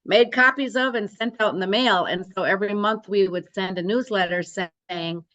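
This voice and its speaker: A woman's voice: mid-range voice, moderate pace, a bit bright. A woman in her sixties, a real estate broker, telling her story in an interview and acting out quoted dialogue.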